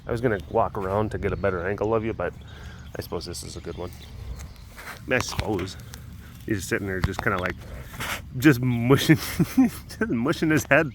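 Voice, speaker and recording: A man's voice: low voice, steady tone, fast talker, long pauses, noisy background. A man hosting a casual walk-and-talk vlog at an outdoor animal compound, rambling and laid-back, cooing at the big cats. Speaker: vlog host at a big cat rescue.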